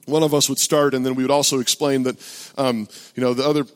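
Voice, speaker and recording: A man, a pastor, telling a story in a halting sermon style full of fillers and restarts. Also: mid-range voice, little pitch movement. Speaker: pastor and open-air preacher. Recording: long hall reverb.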